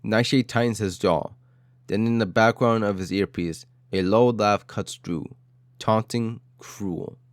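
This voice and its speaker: A man's voice: lowish voice, measured pace, no room sound. A man narrating an audio story in a dramatic style, with short, clipped phrases.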